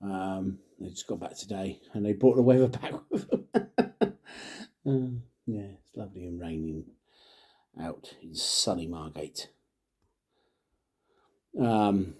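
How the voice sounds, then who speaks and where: Bloke, middle-aged, rambling chatty drink review, husky kinda low voice. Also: male voice, dark tone. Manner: rambling, chatty, jokey asides; mutters and trails off. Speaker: father. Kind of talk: casual chat to camera.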